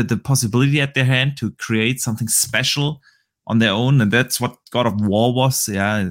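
A man hosting a gaming podcast, enthusiastic and casual, often repeating words while he thinks. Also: on the low side. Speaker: host.

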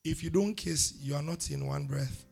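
A man, a pastor preaching a sermon with call-and-response to his congregation and loud exhortations. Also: fairly high pitch, moderate pace, vocal fry, slightly rough, soft background music.

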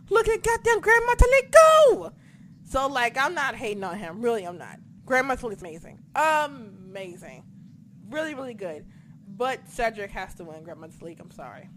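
Excitable swearing woman reviewing wrestling. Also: a little high, slight background noise. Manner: excitable, swears a lot, loses track of names. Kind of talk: casual chat.

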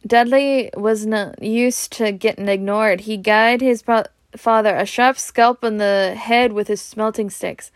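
A woman's voice: fairly high pitch, fairly even intonation, unhurried, few pauses, no echo. A woman reading a novel aloud, often stumbling over words and restarting. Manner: stumbling, frequent restarts, self-laughing. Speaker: amateur reader.

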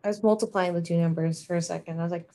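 A woman's voice: on the low side, steady tone, racing, dark tone, rough recording. A woman co-hosting a casual quiz chat, playful and teasing, boasting about her answers. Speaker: co-host.

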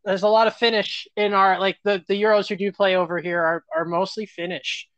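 Bright high-voiced podcast host from Canada. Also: male voice, flat delivery, brisk, clear, resonant tone, no echo. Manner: friendly, brief affirmations. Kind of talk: casual interview.

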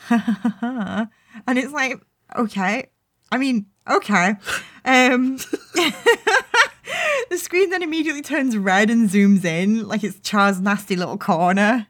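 A woman's voice: fairly high pitch, takes it slowly. A woman co-hosting a podcast, recapping a show in casual chat, giggling often, swearing freely and acting out the characters' lines. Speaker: podcast co-host recapping episodes.

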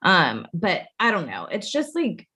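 A woman's voice: lowish voice, wildly swooping pitch, measured pace, sharp tone, slightly rough. A woman co-hosting a casual chat, talking indignantly with lots of fillers and swearing. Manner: indignant, profane, filler-heavy talk.

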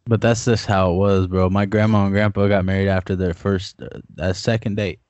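A man's voice: low voice, flat delivery, fairly quick, a little mellow, no echo. A man co-hosting a casual podcast chat, blunt and teasing. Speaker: podcast co-host. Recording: dull lo-fi sound.

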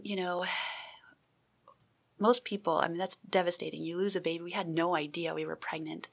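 A woman guest giving an earnest personal testimony in an interview, halting with many restarts. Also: fairly low pitch, steady tone, gravelly, a bit bright.

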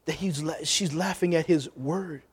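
Man, pastor, high voice, sermon, loud jokes and hushed questions. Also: moderate pace, breathy edge.

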